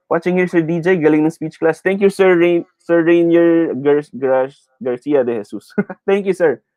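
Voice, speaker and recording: A man's voice: mid-range voice, darkish tone, dry recording. A man with a Filipino English accent teaching a live online speech class, reading viewers' comments aloud, chatty, often laughing and mixing Tagalog into his English.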